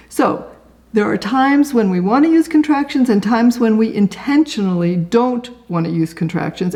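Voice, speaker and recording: A woman's voice: mid-range voice, dark tone. A woman teaching writing in a casual instructional talk, chatting conversationally and asking the listener rhetorical questions.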